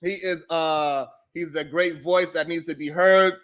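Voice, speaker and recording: A man's voice: fairly high pitch, steady tone, a little slow, fairly bright tone. A man hosting a livestream, talking casually to his chat in a joking, boastful way and laughing often. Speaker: livestream show host.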